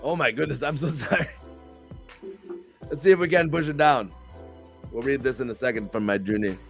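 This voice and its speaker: A man's voice: mid-range voice, moderate pace, gravelly, a bit bright, soft background music. A male host and pro wrestler chatting on a live stream show in a hyped, rambling, playful way.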